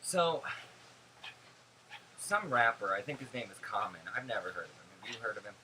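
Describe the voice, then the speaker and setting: A young man telling stories in a casual vlog, animated, gossipy and sarcastic. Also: medium pitch, normal speed, slight background noise, low-quality recording. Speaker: vlogger.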